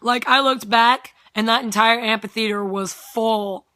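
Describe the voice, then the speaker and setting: A woman's voice: fairly high pitch, fairly even intonation, measured pace, pushed and bright, dry recording, clean studio sound. A young woman telling a story in a casual vlog, chatty, with plenty of "like" and free swearing. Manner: chatty, swears freely, lots of "like". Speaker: vlogger.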